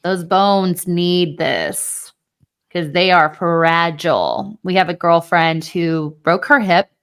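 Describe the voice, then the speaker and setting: A woman's voice: on the low side, takes it slowly, a bit bright, clean tone. A woman co-hosting a podcast, chatting casually and emphatically about fitness, with the odd swear word. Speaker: podcast co-host.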